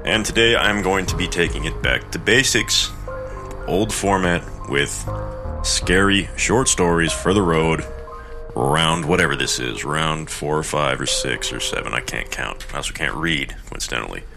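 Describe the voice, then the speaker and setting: A man's voice: rumbling low, animated, moderate pace, gravelly, music in the background. A man hosting a horror story podcast, narrating a folk tale with crude, irreverent joking asides.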